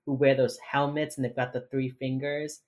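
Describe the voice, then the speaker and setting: A woman co-hosting a podcast, casually recapping a TV episode with animated storytelling and playful reactions. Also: very deep voice, moderate pace. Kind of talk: casual chat.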